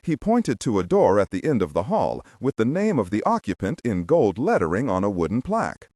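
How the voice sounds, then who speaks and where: A male audiobook narrator with a lowish voice who swings his pitch widely as he reads a thriller. The recording is close and dry, with no room sound. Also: wildly swooping pitch, brisk, a little mellow, dry recording. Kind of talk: scripted narration.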